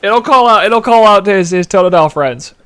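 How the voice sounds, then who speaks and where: Young man in his twenties, high voice, live game streamer, animated casual chatter, giggly. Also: fairly quick, clean tone. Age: 20s. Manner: animated, giggly, reads chat aloud. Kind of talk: casual gameplay commentary.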